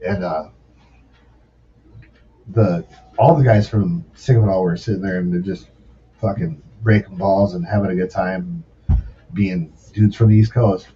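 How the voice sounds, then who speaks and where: A man in his forties telling rambling, profane stories in a casual podcast chat. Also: lowish voice. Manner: profane, rambling, animated storyteller. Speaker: podcast guest, former sous chef. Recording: distant mic, dull lo-fi sound, faint background noise.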